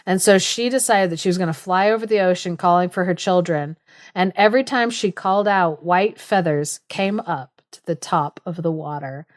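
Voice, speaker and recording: A woman's voice: fairly low pitch, no echo, studio quality. Chatty woman retelling a folk tale. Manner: animated, quick asides, acts out quotes. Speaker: podcast co-host.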